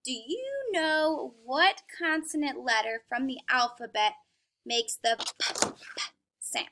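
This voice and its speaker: Woman, young adult, teacher, phonics lesson for kids, patient, encouraging, high voice. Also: expressive, slow pace, noisy background.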